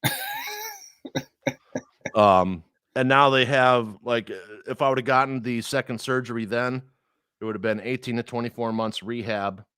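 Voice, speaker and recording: Full of profanity and impressions of the people in his story, this man chats casually and with lots of energy. The recording is close-up and dry without any echo, capturing his clean, average-pitched voice at a normal speed.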